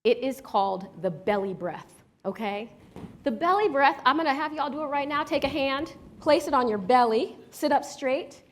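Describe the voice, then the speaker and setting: A woman from Washington, D.C. leading a live workshop, telling a personal story and guiding the audience through breathing exercises in a lively, chatty way. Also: sits high, moderate pace. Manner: guides breathing exercises step by step. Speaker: workshop leader.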